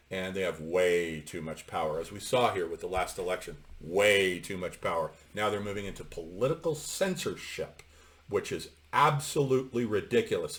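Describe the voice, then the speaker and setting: A middle-aged man giving an unscripted, discursive commentary on a novel, opinionated and full of fillers. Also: fairly low pitch. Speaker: literature lecturer.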